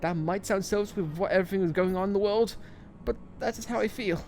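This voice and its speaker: A man hosting a let's play, joking and excitable as he comments on the game. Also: high voice, quick pace, a little hiss or hum. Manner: excitable, jokey, laughs often. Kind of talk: gameplay commentary.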